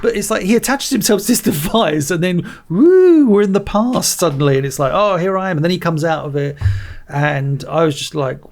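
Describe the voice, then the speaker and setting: A man hosting a podcast, chatting casually about a movie with animated storytelling and frequent restarts. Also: fairly high pitch, brisk. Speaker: podcast host. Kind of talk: casual movie review chat.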